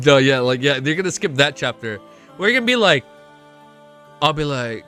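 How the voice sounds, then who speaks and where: A young man chatting casually on a live stream while reacting to a web novel, excitable and swearing often. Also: a little high, fairly quick, faint music behind.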